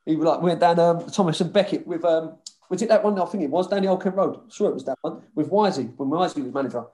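Animated London man, slightly high voice. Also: fast, reverberant. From London (Hackney). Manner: animated storyteller, swears freely, laughs often. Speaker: former footballer guest. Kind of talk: casual podcast chat.

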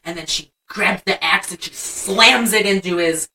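A woman's voice: mid-range voice, unhurried, sharp tone, far from the mic, poor audio. A young woman co-hosting a casual chat, animatedly retelling a movie scene and acting out the lines. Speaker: podcast co-host.

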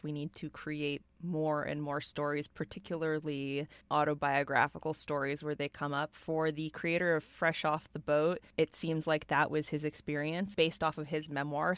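Woman interview host, smooth and resonant, close dry sound, measured delivery. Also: low voice, a bit bright, dry recording. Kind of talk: interview questions.

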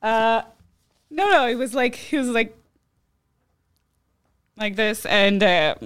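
A woman's voice: on the high side, expressive, slow, fairly bright tone, clean tone, dry recording. A woman telling stories on a podcast, chatty, full of "like", laughing often. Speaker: podcast guest, comedian. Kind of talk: casual storytelling chat.

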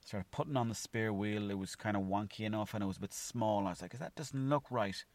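A man's voice: lowish voice, steady tone, fast, darkish tone, dry recording. A young Irish man from Mayo rambling through a solo podcast story, swearing freely and acting out his own thoughts. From Ireland. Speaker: podcast host.

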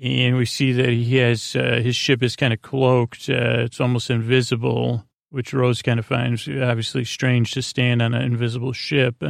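A man's voice: medium pitch, level tone, moderate pace, gravelly, hardly any pauses, no echo, clean studio sound. A man hosting a podcast, recapping an episode in a meandering way full of fillers and restarts, meant for falling asleep to. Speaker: podcast host. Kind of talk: rambling episode recap for sleep.

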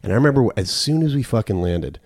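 A man's voice: lowish voice, animated, quick pace, a little mellow, no room sound, studio quality. A Canadian man hosting a podcast in easy, casual chat, swearing freely and laughing often. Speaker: podcast host.

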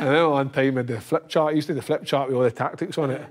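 A man's voice: mid-range voice, fairly even intonation, fast talker. A middle-aged Scottish man, a former footballer, telling rambling anecdotes and swearing freely. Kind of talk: casual anecdotal storytelling.

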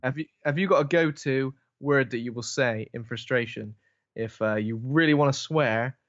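A man co-hosting a podcast in casual chat, joking with absurd deadpan asides and swearing freely. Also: mid-range voice, moderate pace, muffled recording. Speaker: podcast co-host.

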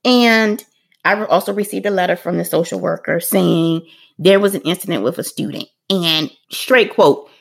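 A woman's voice: fairly low pitch, moderate pace, gravelly. A middle-aged woman, a parent, telling her own story in casual podcast talk, talking straight to listeners and acting out what others said. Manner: animated, acts out others' lines in dialogue; talks straight to listeners, conversational fillers.

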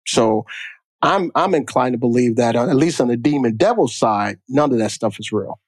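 A man's voice: medium pitch, lively intonation, moderate pace, dry recording. A man co-hosting a podcast, telling personal stories emphatically and repeating lines for effect. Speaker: podcast co-host. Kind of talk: casual chat.

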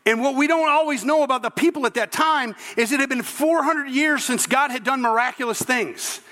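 A male pastor preaching a sermon, animated and throwing in joking asides. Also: very high voice, brisk, in a large hall.

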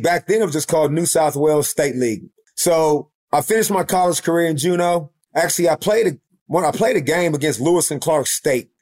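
A man, a basketball coach and former pro player, telling lively stories as a podcast guest and acting out the people in them. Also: a little high. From United States. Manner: animated storyteller who acts out the other people in his stories. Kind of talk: lively anecdotal storytelling.

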